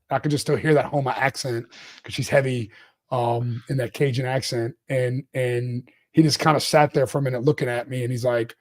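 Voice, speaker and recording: A man in his forties, a company CEO telling his start-up story in a casual interview, rambling and animated, laughing often. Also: mid-range voice, brisk. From Louisiana, US. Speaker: CEO guest.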